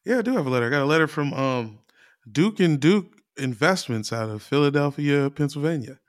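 A man co-hosting a comedy podcast, throwing in quick wisecracks in casual chat. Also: a little high, lively intonation, dry recording, clean studio sound. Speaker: podcast co-host.

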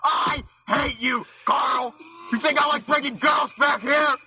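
A man's voice: very high-pitched, steady tone, measured pace. A man ranting and screaming profane insults in a comedic recorded message. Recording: played back with jingle music.

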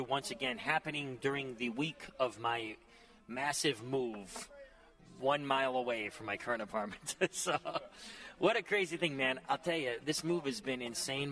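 Excitable man with a gravelly bright voice. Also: mid-range voice. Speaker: podcast host. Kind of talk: casual chat. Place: busy bar.

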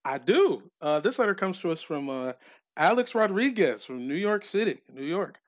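A man's voice: high voice, sing-song, moderate pace. A man co-hosting a comedy podcast in casual chat, reading out joke letters in a dry way. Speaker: podcast co-host.

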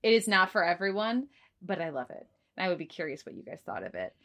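A woman's voice: fairly low pitch, very animated, quick pace, a bit bright. A woman co-hosting a casual podcast, reading out listener comments in an easygoing way with lots of hesitant fillers. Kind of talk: casual chat.

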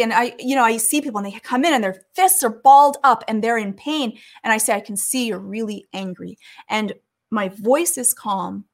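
A woman giving calm, earnest advice in a conversation, acting out the things people say to each other. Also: on the high side. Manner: calm, earnest, acts out quoted speech.

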